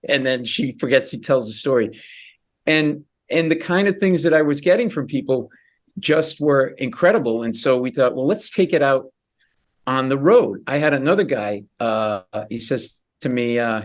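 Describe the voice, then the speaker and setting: Brief: middle-aged male comedian, mid-pitch, animated raconteur, slips into character voices. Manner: animated, acts out quoted voices, quick asides. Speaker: comedian guest. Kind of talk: radio interview storytelling.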